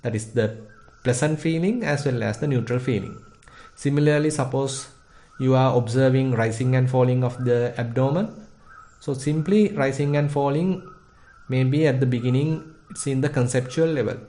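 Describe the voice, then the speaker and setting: A Buddhist monk from Sri Lanka with a Sri Lankan accent, giving meditation instruction in a measured, thoughtful way with frequent pauses and fillers. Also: male voice, mid-range voice, warm tone. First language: Sinhala.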